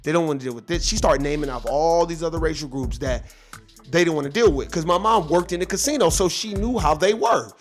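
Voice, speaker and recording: A man's voice: on the high side, brisk, soft background music. A man telling a long, loose personal story in casual vlog style, profane and full of asides. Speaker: vlogger.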